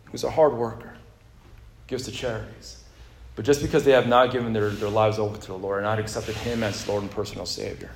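A man preaching a sermon in a relaxed, conversational way, with jokes and asides to the congregation. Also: lowish voice, fairly quick, gravelly, a little hiss or hum. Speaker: pastor. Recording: echoey room.

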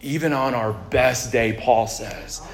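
A man preaching in a relaxed, conversational way, mixing jokes and asides to the crowd into his sermon. His voice has an ordinary middle pitch, and it rings in a roomy, echoing space like a church sanctuary. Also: slow pace, creaky. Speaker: pastor. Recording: echoey room.

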